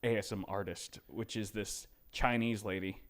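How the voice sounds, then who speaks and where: Casting: lowish male podcast co-host, lively and chatty, laughs easily. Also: moderate pace. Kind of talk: casual chat.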